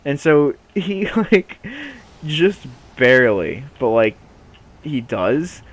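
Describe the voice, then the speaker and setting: Animated young man telling a story. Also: mid-range voice, slow. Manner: animated, laughing, filler-heavy. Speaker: podcast co-host. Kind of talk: casual storytelling.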